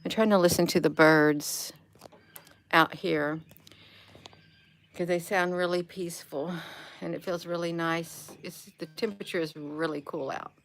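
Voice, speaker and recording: A woman's voice: on the low side, steady tone, a little slow, long pauses. A woman chatting casually on a live stream outdoors in her yard, meandering and losing her train of thought as she greets viewers by name. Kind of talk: rambling casual livestream chat.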